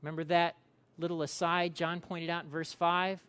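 A male pastor delivering a sermon in an animated way, acting out quotes and quizzing his congregation. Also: fairly high pitch, moderate pace, smooth.

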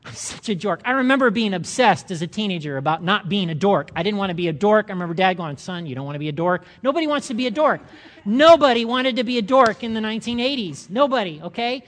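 An older man preaching a sermon, animated, acting out the voices of the people he quotes. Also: high voice, fast talker. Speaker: pastor.

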